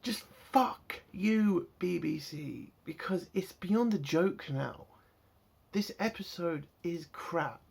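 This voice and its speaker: A man's voice: on the high side, slow, creaky, slightly rough. A man, ranting angrily and swearing heavily as he reviews a TV episode. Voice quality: heavy swearing, heated ranting. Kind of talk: angry solo review rant.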